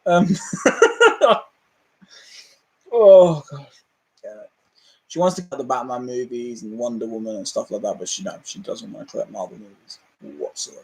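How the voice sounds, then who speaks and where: A man hosting a casual livestream, ranting in an animated way, laughing often and swearing freely. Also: medium pitch, moderate pace, pauses often. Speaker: livestream host.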